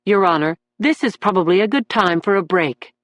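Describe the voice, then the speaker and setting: A man's voice: high voice, no echo. A woman reading an audiobook voices a composed male defense attorney who speaks evenly and matter-of-factly in court. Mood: calm. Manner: even, measured, matter-of-fact. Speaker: defense lawyer.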